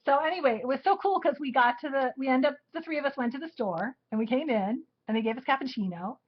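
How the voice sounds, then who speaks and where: A woman's voice: sits high, fast talker, husky. A woman co-hosting a live show, rambling through a trip story and showing what she bought, laughing often. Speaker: co-host of a live crafting show. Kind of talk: casual storytelling chat. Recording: muffled live-stream audio.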